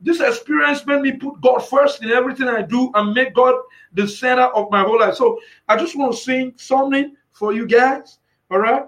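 A man in the music business giving an emotional personal testimony, near tears, who keeps repeating "you understand?" and breaks into shouted praise. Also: very high-pitched, moderate pace. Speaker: music industry professional.

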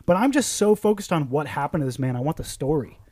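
A man spins a loose, rambling story for a table of friends. His voice sits a little high, and he laughs through his own punchlines. The sound is dry and close. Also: expressive, fast, dark tone, no room sound. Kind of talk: casual storytelling among friends.

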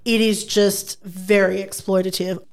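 A woman in a casual chat, animated and laughing often as she reads old ads aloud. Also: medium pitch, a little slow.

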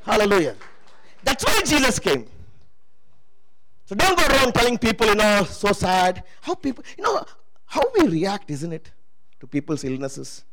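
Very high-voiced, animated male preacher. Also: moderate pace, long pauses, poor audio. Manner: emphatic, calls out to the congregation for responses. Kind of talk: sermon testimony.

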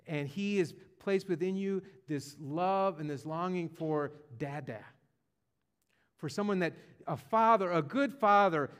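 Pastor guy preaching casual-like, kinda high voice, repeats himself, gets worked up. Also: clean tone. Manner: conversational, rising with emotion; repeats words and restarts often. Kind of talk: sermon.

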